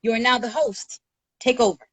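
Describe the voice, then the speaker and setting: A woman's voice: on the high side, fairly quick, no echo. A woman hosting a live Q&A, a bit flustered, reading out viewer questions. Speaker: host and director. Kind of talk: casual livestream interview.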